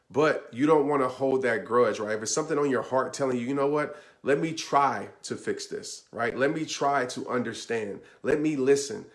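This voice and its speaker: A man giving an earnest, conversational motivational talk, speaking straight to his listeners and often checking in with "right?". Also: mid-range voice. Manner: earnest, repeats "I promise you" and "right?". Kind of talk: motivational talk answering a question.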